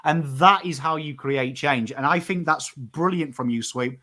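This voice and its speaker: A man's voice: fairly high pitch, normal speed, bright, forceful tone. An emotive Australian man co-hosting a casual podcast, talking emphatically, swearing freely and acting out what he tells his mates. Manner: acts out quotes of mates in conversation. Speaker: podcast co-host.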